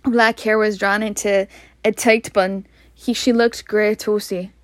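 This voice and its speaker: Woman, storybook reader, slow and halting, stumbles and rereads, close dry sound. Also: mid-range voice, level tone, dry recording. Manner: halting, stumbles and rereads words, laughs at slips. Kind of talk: reading a storybook aloud.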